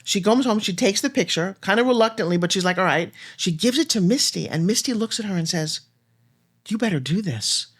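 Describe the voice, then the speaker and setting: A woman guest on a podcast, telling stories and coaching in an animated way, acting out lines of dialogue. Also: fast talker, hardly any pauses. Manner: animated storyteller, acts out dialogue with big pitch jumps. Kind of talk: fast-paced podcast conversation.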